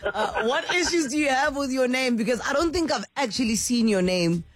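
A woman's voice: high voice, animated, fairly quick, dry recording. A woman hosting a live radio show, chatting with callers in a bubbly, effusive way. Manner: bubbly, effusive, exclaims a lot. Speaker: radio host.

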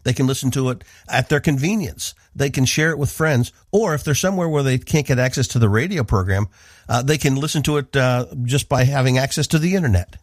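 A man's voice: medium pitch, brisk, no echo. Earnest man teaching scripture, dry studio sound. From northeastern United States. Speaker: radio Bible teacher and host.

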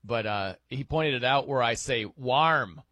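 A man's voice: medium pitch, moderate pace, fairly bright tone, dry recording. A man hosting a sports radio show, chatting casually and laughing as he mimics people in his stories.

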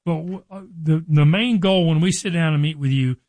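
A man hosting a radio talk segment about his business, folksy and repeating details slowly for listeners. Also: fairly high pitch, a little mellow, no echo, low-quality recording. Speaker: radio show host and business broker.

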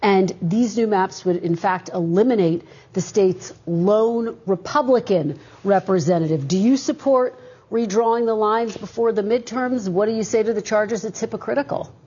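A woman news anchor questioning a guest in a brisk, pointed way. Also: mid-range voice, warm tone, husky. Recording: dull lo-fi broadcast audio.

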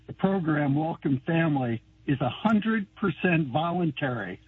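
A man's voice: a little high, lively intonation, unhurried, slightly rough. A man calling in to a radio show, insistent and argumentative. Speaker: caller. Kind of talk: phoned-in radio call. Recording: tinny dry phone line.

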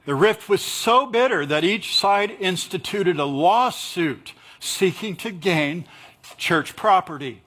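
A man's voice: high voice, animated, takes it slowly, bright, forceful tone, slightly rough. A man preaching a sermon in a conversational way, mixing explanation of scripture with light jokes and acted-out asides. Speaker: pastor.

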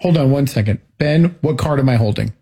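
A man co-hosting a talk show, playful and jokey, throwing in quick questions. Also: medium pitch, warm tone, slightly rough. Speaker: radio show co-host. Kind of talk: casual talk show chat.

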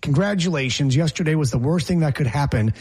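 A man's voice: on the high side, animated, fast talker, a little mellow, breathy edge. A man hosting a sports talk show, opinionated and rambling as he jokes through the banter.

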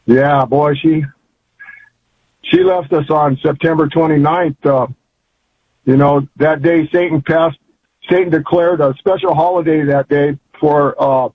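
A man's voice: a little high, steady tone, measured pace, slightly rough. An older man calling in to a radio show, talking in a rambling, folksy, emphatic way over a phone line. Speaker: caller. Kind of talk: call-in radio chat.

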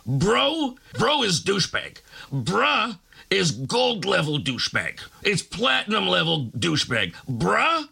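Sarcastic radio host man, bright and gravelly. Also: sits high, wildly swooping pitch, slow. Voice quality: sarcastic, ranting comic delivery. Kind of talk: late-night radio monologue.

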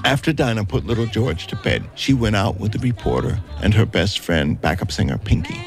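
A man's voice: fairly low pitch, very animated, brisk, soft background music. A man narrating a story in a vivid, dramatic way.

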